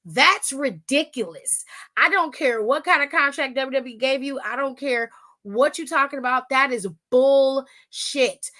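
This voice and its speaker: A high-pitched young woman talks straight at her listeners as a podcast host. She is blunt and profane, and she acts out the lines of the people she talks about. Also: unhurried, bright, forceful tone. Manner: blunt, profane, with acted-out quotes. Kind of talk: casual wrestling recap.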